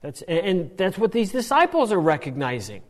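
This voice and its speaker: A man giving a Bible study lecture in an animated way, often checking in with "right?". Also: sits high, normal speed, in a large hall. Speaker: Bible teacher.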